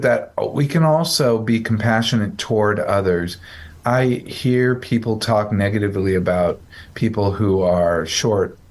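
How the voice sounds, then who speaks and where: A man hosting a casual psychology podcast, explaining a study in a rambling, self-correcting, joking way. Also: on the low side. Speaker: psychologist host.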